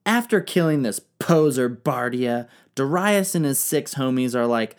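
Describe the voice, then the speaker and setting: A woman's voice: extremely low pitch, animated, measured pace, few pauses. A woman retelling ancient history in a comedic, irreverent style, full of slang, swearing and jokes. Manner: irreverent, profane, slangy, jokey.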